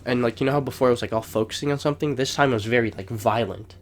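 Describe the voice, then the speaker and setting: Young man, casual storytelling, rambling, profane, animated quotes, mid-pitched voice. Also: very fast. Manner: rambling, swears a lot, lively retelling with raised acted-out quotes. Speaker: podcast co-host.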